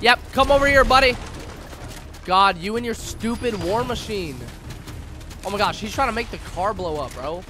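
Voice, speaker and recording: A young man giving excited, slangy commentary while playing a video game, taunting opponents as he goes. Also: sits high, normal speed, pauses often, music in the background. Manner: hyped, slangy, talks to opponents. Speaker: gaming YouTuber.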